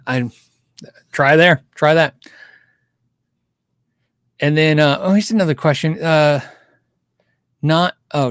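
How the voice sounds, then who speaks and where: A man's voice: on the high side, fairly bright tone, dry recording, clean studio sound. A middle-aged man hosting a casual livestream Q&A, rambling and thinking aloud with frequent restarts and chuckles. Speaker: guitar show host answering viewer questions.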